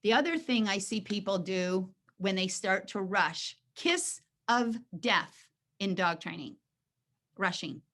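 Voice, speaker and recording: A woman dog trainer teaches a Q&A session over a video call. She is animated and keeps acting out short exchanges between dog and owner. She often restarts her sentences as she goes. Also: medium pitch, takes it slowly. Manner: animated, acts out dialogue, frequent restarts.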